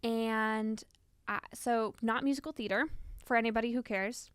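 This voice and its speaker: A woman's voice: on the high side, fairly even intonation, normal speed, clean tone, no echo, clean studio sound. A young woman, a theater student from the West Coast, chatting in a bubbly, casual way on a podcast. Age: young adult. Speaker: guest, acting student.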